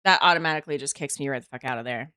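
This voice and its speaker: A woman's voice: a bass voice, rapid-fire, sharp tone, clear, resonant tone, no room sound, studio quality. A woman streaming a game live, chatting casually to her viewers, swearing freely and talking to herself as she plays.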